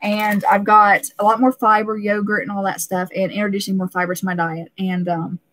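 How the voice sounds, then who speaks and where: A woman's voice: medium pitch, flat delivery, fairly quick, a bit bright. A woman hosting a casual live stream, rambling and emotional, laughing often and filling gaps with "uh" and "um".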